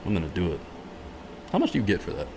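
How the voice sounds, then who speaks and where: A man co-hosting a casual podcast, needling and teasing with rapid questions. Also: deep voice, huge pitch swings, a little mellow, a little hiss or hum. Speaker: podcast co-host. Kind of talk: casual chat.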